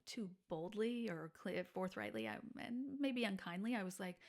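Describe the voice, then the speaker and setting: A podcast host in her forties tells personal stories in a frank, reflective monologue, now and then sinking into a soft, breathy near-whisper. Her mid-range voice has lively intonation, a normal speed, and few pauses.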